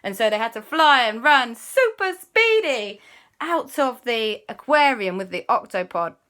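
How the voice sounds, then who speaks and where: Bright, lively woman telling a children's story. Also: on the high side, unhurried. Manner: lively, with gasps and sound effects. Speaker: children's show host.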